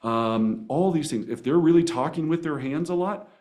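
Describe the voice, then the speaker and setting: A man teaching real estate agents negotiation in a seminar, energetic and animated, often restarting words and tagging "right?" onto his points. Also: on the high side, normal speed. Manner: energetic, animated, with playful voice impressions. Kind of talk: coaching seminar presentation.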